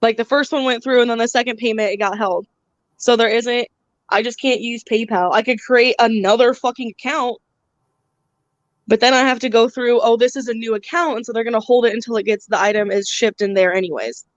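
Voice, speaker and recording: A woman's voice: on the high side, steady tone, a little fast, no echo, muffled recording. A woman hosting a casual live-stream chat, venting with a lot of swearing and bursts of laughter. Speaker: channel host.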